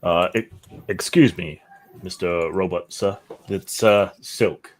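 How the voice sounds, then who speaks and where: A fussy, prim male bidder, played by a man running a tabletop game objects in a low voice. He keeps his tone stiffly polite throughout. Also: slow pace.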